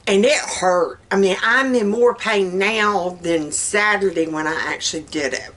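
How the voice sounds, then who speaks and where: A woman with a Southern US accent chatting casually in her home kitchen for a vlog, folksy and quick to laugh. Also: medium pitch, fairly bright tone. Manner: folksy, laughs often while talking. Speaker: vlogger.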